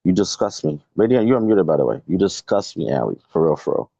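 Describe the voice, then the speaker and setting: A man delivers a heated, profane live-stream rant with a confrontational edge. His voice sits low and mellow but jumps around a lot in pitch. The sound is dry and dull, like lo-fi stream audio. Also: big pitch swings, brisk, gravelly, breathy edge, no room sound.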